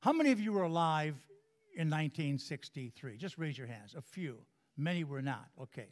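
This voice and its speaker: Folksy preacher man, slightly high voice. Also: lively intonation, brisk. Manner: folksy storyteller, repeats and restarts words, chuckles at own jokes. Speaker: guest preacher. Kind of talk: sermon with a humorous story. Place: church before a congregation.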